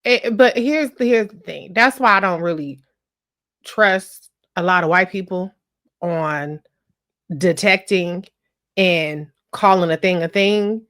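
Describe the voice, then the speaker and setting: A woman's voice: fairly low pitch, slow pace, no echo, studio quality. Blunt female talk radio co-host. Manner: blunt, forceful, swears freely.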